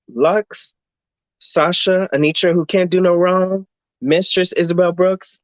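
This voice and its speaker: A man's voice: high-pitched, fairly bright tone, no echo. A man co-hosting a podcast, giving a blunt, sassy, profanity-heavy review in casual chat. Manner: blunt, sassy, swears a lot. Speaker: podcast co-host. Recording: dull lo-fi dry sound.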